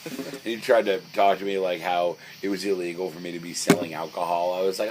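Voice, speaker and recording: A man's voice: low-pitched, steady tone, brisk. A young man chatting casually on a podcast, rambling through stories with lots of fillers and restarts. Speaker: podcast co-host. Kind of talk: casual chat. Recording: faint background noise.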